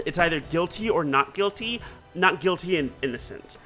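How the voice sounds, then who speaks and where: Brief: casual game streamer, slightly high, sharp-toned, quick to swear. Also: male voice, soft background music. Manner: excitable, swears freely, explains in a chatty way. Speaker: let's play streamer.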